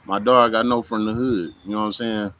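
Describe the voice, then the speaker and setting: This man, a vlogger, speaks casually to camera outside on a hot day, blunt and profane, frequently dropping "you know what I'm saying." The voice is lowish, a bit bright, a little fast, with fairly even intonation; the rough recording has slight background noise.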